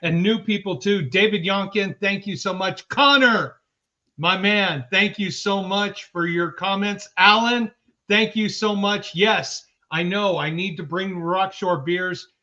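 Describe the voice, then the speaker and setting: Upbeat high-voiced man reading chat names. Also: fairly even intonation, a little slow. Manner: upbeat, shouting out viewers by name. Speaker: podcast co-host reading the chat. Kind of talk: casual live-stream chat. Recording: dull lo-fi stream audio.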